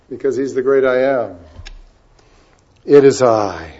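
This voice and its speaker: A male preacher giving a sermon, moving between loud emphasis and quiet asides and stretching key words out slowly. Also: mid-range voice. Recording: dull lo-fi recording.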